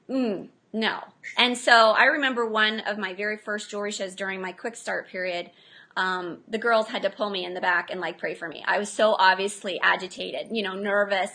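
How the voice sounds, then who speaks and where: A middle-aged woman with a medium-pitched voice appears as an entrepreneur guest in a casual interview. She's an animated storyteller, telling lively anecdotes and acting out what people said.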